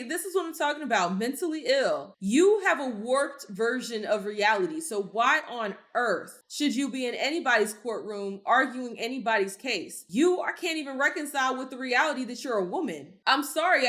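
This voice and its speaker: A woman's voice: sits high, fairly bright tone. A woman hosting a reaction commentary, blunt and scornful as she picks apart a clip. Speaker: commentary host.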